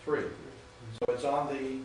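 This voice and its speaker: A man's voice: mid-range voice, little pitch movement, unhurried, darkish tone, distant mic, slight background noise. A man teaching a classroom lecture, patient and often checking that students understand. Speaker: Greek teacher. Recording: echoey room recorded from afar.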